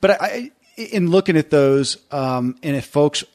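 A man's voice: a little high, lively intonation, measured pace, a little mellow. A man hosting an interview podcast, speaking in a reflective, encouraging way. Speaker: podcast host. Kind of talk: interview conversation.

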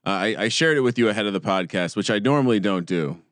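A man's voice: fairly low pitch, animated, fast talker, fairly bright tone, no echo. Guy cohosting a sports podcast, rambles and swears, dry close sound. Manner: rambling storyteller, swears, many restarts. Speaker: podcast co-host. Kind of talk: casual sports chat.

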